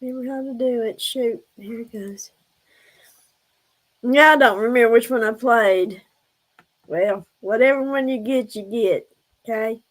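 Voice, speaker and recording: A woman, hosting a casual live stream, hoarse and breathless from laughing, chatty and a bit scattered. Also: on the high side, steady tone, normal speed. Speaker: livestream host. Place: room at home.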